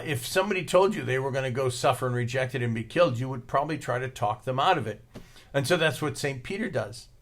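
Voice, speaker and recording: A man, a pastor, giving a relaxed, conversational homily with a joking, plain-spoken manner. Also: mid-range voice. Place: church.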